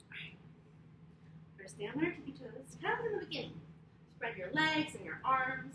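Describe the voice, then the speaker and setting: A woman leading young children through an interactive story and yoga lesson, expressive and prompting them to repeat after her. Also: high voice, normal speed, pauses often. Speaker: preschool teacher leading kids' yoga. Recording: echoey, distant, noisy room.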